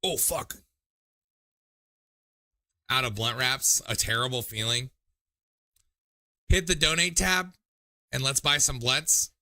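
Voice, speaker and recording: Male stream host, tipsy and loose, profane rambling chat, sharp bright tone. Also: medium pitch, takes it slowly, long pauses. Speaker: livestream call-in show host. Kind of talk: casual livestream chat.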